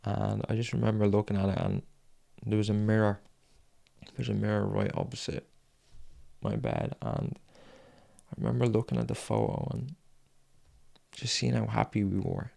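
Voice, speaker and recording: Young man, very gravelly voice, dark mellow tone, frank confessional storytelling, halting with long pauses. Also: fairly low pitch, expressive. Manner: raw, frank and heavy with swearing. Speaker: fitness vlogger.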